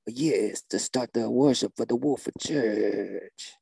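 A gravelly, husky shaman guitarist, as a man plays him, drawling mystical nonsense in a flat, deadpan way. His voice is low and dark, recorded dry and close in a comedy sketch. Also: slow pace, no echo, exaggerated voice.

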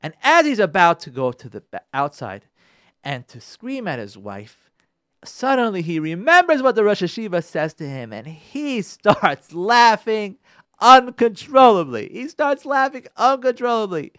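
A man's voice: fairly high pitch, wildly swooping pitch, moderate pace, a bit bright, no room sound, clean studio sound. A man on a radio show telling a story and giving marriage advice, repeating phrases for emphasis and speaking straight to the listeners. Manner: addresses listeners directly. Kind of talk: storytelling talk on relationships.

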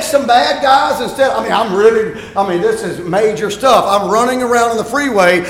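A pastor telling a story in his sermon, animated and rising to shouts at times. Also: high-pitched, normal speed, hardly any pauses. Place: church sanctuary. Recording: echoey church hall.

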